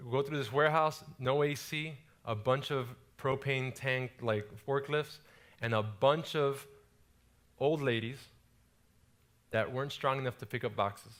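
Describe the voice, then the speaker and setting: A man's voice: medium pitch, a little slow, fairly bright tone. A young adult man from South Florida preaching a casual sermon built on personal stories, with lots of energy and repeated words.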